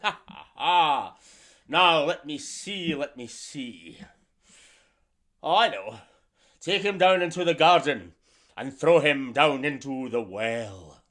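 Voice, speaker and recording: A man's voice: animated, slow, fairly bright tone. A man voicing a greedy, gloating male sultan in a children's story, barking orders at his guards. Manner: bossy, booming commands.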